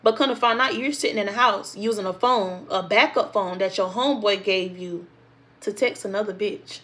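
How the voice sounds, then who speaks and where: A young woman with speech tells her own storytime straight to her viewers. Her delivery is animated and conversational, and she jumps into the voices of the people in her story. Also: mid-range voice, normal speed. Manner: animated, acts out quotes of others in the story. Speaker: storytime vlogger. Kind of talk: casual storytime.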